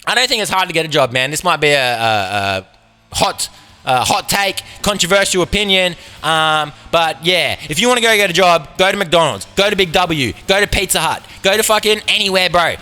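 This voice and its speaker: A man's voice: a little high, expressive, normal speed, sharp tone. A man with an Australian accent hosting a podcast, ranting in a sarcastic, profane, riffing way. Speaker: podcast host. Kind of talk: casual comedic rant.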